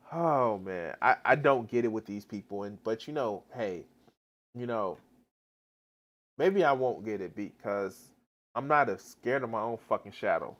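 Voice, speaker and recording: A man streams his reactions, swearing heavily and restarting his sentences as his pitch swings up and down. His talk is rambling and exasperated. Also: fairly bright tone, highs cut off. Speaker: live streamer. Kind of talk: profane reaction commentary.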